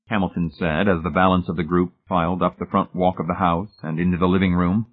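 A man reading a story as narrator in a steady, even way. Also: low-pitched, a little fast. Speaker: audiobook narrator. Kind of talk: scripted narration. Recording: tinny phone-like sound.

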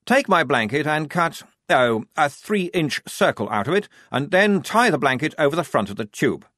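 A male reader voices a prim young officer in a high, lively voice, with clipped, exact phrasing and a smugly polite air. His delivery is crisp, brisk, precise, and pleased with himself, captured in a close, dry recording.

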